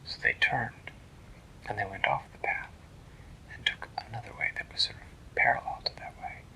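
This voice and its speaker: A man narrating a bedtime story in a hushed, slow, gentle whisper. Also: on the low side, gravelly, low-quality recording.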